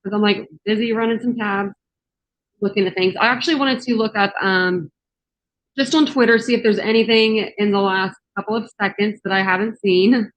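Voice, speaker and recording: Woman host, slightly hoarse, casual chatty livestream delivery with frequent fillers. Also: mid-range voice, steady tone, moderate pace, rough recording. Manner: chatty, many fillers, greets chat viewers. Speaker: true crime livestream host. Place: home office studio.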